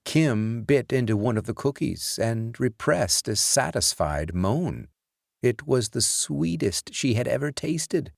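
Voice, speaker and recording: A male audiobook narrator reading a scary story in an unhurried, deliberate way. His voice is gravelly, with lively pitch movement, and the recording is dry and close. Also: no room sound. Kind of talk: scripted horror narration.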